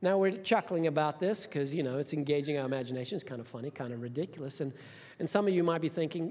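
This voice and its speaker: A man preaching a sermon as a pastor, telling a story in an animated, conversational way with asides to the congregation. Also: on the high side, fast, in a large hall.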